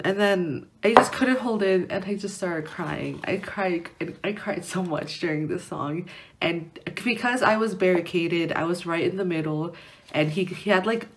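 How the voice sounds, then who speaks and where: A young woman vlogger chatting casually while unboxing an album, rambling and giggling, often restarting her sentences, indoors at home near a window. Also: lowish voice. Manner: rambling and giggly, many restarts and filler words.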